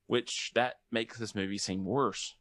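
A young man co-hosting a podcast in casual chat, loose and joking, quick to laugh. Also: on the low side, steady tone, fairly bright tone, no echo, studio quality. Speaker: podcast co-host.

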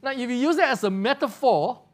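A man's voice: very high-pitched, lively intonation, a little fast. A man preaching a sermon, often restarting words and asking rhetorical questions. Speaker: pastor.

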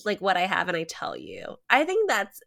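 A woman's voice: medium pitch, huge pitch swings, moderate pace, vocal fry, sharp tone, no room sound, studio quality. A woman co-hosting a podcast, sick with a cold and sounding nasal, chatting casually and laughing often. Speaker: podcast co-host. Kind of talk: casual chat.

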